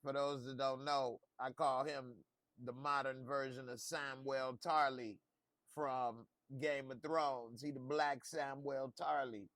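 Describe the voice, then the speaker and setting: A man's voice: mid-range voice, steady tone, slow pace, a bit bright, no room sound. A man reviewing a TV episode in a casual, joking way, talking back to what he watches. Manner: laid-back, joking, talks back to the screen. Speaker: TV show reviewer. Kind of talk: casual reaction commentary.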